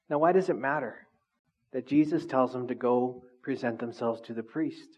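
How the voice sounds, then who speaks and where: A man's voice: mid-range voice, fairly even intonation, normal speed, a little mellow. A middle-aged man preaching a conversational sermon and often asking the congregation questions. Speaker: pastor. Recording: slightly dull, lo-fi recording.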